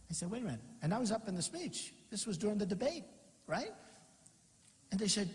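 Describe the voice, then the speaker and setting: A man's voice: sits high, sing-song, fast. A man in his sixties giving a rambling rally speech, reading aloud and breaking off into asides. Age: 60s. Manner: rambling, reads aloud then riffs with asides. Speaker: political candidate at a campaign rally. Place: packed large auditorium with balcony. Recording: long reverb in a big hall.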